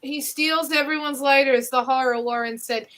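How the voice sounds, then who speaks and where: A woman's voice: sits high, fairly even intonation, moderate pace, fairly bright tone. A woman with a Northeastern Pennsylvania accent, hosting a podcast and telling local ghost stories in a rambling way with many fillers and restarts. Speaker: podcast host. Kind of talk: casual ghost-story chat.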